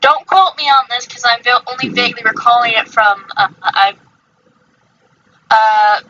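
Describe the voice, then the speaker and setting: Bright, rambling woman podcaster. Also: on the high side, moderate pace, dull audio. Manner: rambling, lots of fillers and self-corrections. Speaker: podcast host. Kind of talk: casual chat.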